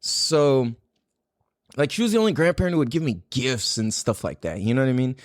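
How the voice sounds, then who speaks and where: A man's voice: mid-range voice, big pitch swings, brisk, dry recording, clean studio sound. A man in his forties from the USA hosting a podcast, talking casually with lots of swearing and slang. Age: 40s. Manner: laid-back, profane slang-heavy talk. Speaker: podcast host. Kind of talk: casual monologue.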